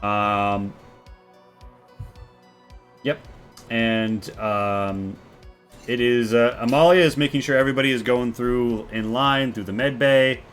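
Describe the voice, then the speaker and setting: A man's voice: medium pitch, normal speed, soft background music. A man narrating a tabletop game as game master, in a loose, casual way with many fillers.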